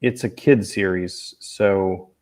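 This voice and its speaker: Slow and a little mellow, this man's low voice drifts through a casual livestream he hosts outside near a golf course. He's an author who rambles, jokes, and loses his train of thought easily.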